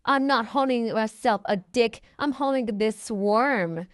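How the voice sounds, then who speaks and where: A woman's voice: a little high, a little slow, no room sound, studio quality, close to an everyday voice. A woman voicing a bratty young male troll who sneers and taunts, told as a fan story. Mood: sneering.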